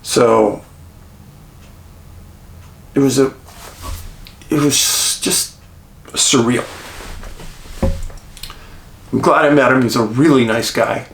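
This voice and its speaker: A man telling a behind-the-scenes story about a documentary shoot, animated and chuckling, with dramatic pauses. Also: mid-range voice, slight background noise. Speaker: documentary filmmaker recounting a shoot. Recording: roomy echo.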